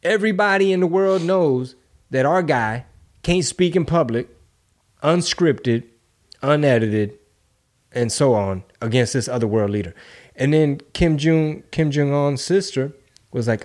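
A man chatting casually as a podcast co-host, animated and profane. He jumps into short mocking impressions of other people. His voice sits at an everyday middle pitch. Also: a little slow. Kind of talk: casual political banter.

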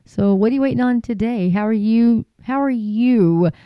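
Rambling, folksy faith vlogger, smooth voice. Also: medium pitch, normal speed, dry recording, muffled recording. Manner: rambling and folksy, many fillers, preachy. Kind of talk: casual chat to camera.

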